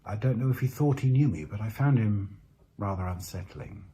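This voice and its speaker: A man narrating a first-person story aloud in a measured, reflective way with dramatic pauses. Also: lowish voice, animated, mellow. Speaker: narrator voicing the lead character. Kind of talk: first-person audiobook reading.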